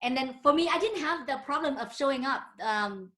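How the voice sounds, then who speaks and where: A woman's voice: high voice, animated, fairly quick, a bit bright. A woman hosting a casual interview over a video call, speaking earnestly with some restarts. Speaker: host.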